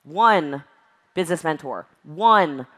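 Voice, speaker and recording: A woman's voice: low voice, slow pace. Emphatic woman speaker. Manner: emphatic and animated, acts out exasperated voices. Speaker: network marketing speaker. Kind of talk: motivational talk to a virtual event.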